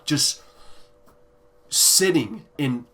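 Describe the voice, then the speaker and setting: A man reviewing albums in a casual ranking video, ranting bluntly and with heavy swearing, sometimes sinking into quiet, deflated muttering. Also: medium pitch, animated, drawn-out words. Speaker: music reviewer.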